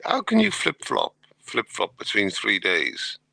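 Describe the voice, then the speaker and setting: A man's voice: lowish voice, wildly swooping pitch, unhurried, creaky, pushed and bright, breathy edge, no echo. A Welsh man hosting a livestream, making mocking, dismissive political remarks in casual talk. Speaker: stream host.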